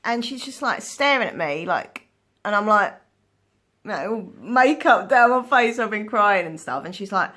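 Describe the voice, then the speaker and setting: Bright, chatty woman vlogging. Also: medium pitch, unhurried. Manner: chatty, animated, laughs often, swears casually. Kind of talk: casual storytelling chat. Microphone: phone.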